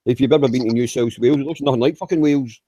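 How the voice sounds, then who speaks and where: A man's voice: mid-range voice, very fast, mellow, muffled recording. A man chatting on an online group call, crude and sweary, chuckling as he talks. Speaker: call participant. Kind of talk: casual group call banter.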